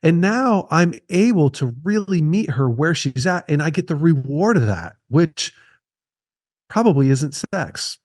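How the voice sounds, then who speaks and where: A man's voice: a little high, very animated, unhurried, a little mellow, dry recording, clean studio sound. A man in his thirties, a podcast guest speaking earnestly and repeating key phrases for emphasis. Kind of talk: conversational podcast interview.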